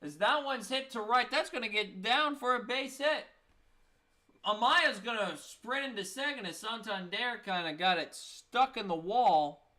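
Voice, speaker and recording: A young man streams live baseball play-by-play in a high, bright voice. He sounds a bit tired and keeps it casual, with self-deprecating remarks tucked between the calls. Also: expressive, measured pace. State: tired, yawning.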